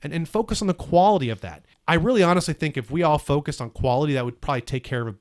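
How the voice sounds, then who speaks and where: Casting: male podcast co-host, slightly higher voice, earnest and preachy in casual chat. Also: expressive, rapid-fire. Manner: earnest, preachy, repeats words.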